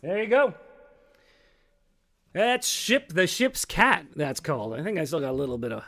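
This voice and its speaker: A man's voice: a little high, big pitch swings, moderate pace, sharp tone, faint music behind. A man hosting his own livestream as a singer-songwriter, chatting casually between songs in a rambling, self-mocking way that often trails off.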